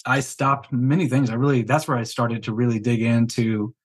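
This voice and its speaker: Guest, male, mid-pitched husky voice, relaxed, rambling first-person account. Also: normal speed, low-quality recording. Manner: candid storytelling with many fillers. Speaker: guest, business coach. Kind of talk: casual interview chat.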